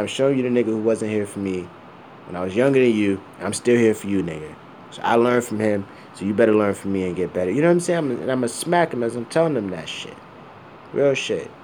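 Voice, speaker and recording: Quick-paced and on the low side, with a darkish tone, a man of about forty delivers a rambling personal monologue over slight background noise. He's blunt and swears a lot, leaning on fillers and repeated asides.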